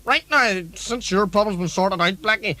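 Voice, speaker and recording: A man's voice: high-pitched, normal speed, sharp tone. A man playing a brash, sweary talk show host in a comedy sketch.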